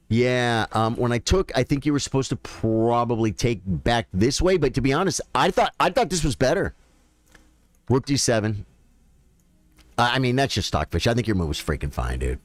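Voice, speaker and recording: A man's voice: mid-range voice, no room sound. Chatty male chess streamer, dry sound. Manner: chatty, thinks aloud, addresses viewers directly. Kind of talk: casual live-stream commentary.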